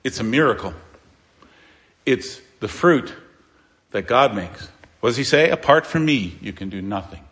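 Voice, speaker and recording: A male pastor delivers a sermon in a mid-pitched voice, emphatic and insistent. He drives his points home with rhetorical questions and repeated phrases. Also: animated, unhurried, long pauses, a bit bright.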